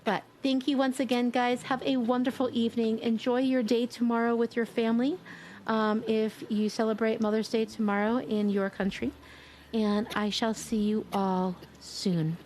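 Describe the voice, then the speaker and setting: A woman's voice: fairly high pitch, flat delivery, moderate pace, slight background noise. A woman streamer chatting casually and affectionately as she signs off her stream, a bit congested. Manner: warm, affectionate, blowing kisses. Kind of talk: casual stream sign-off chat.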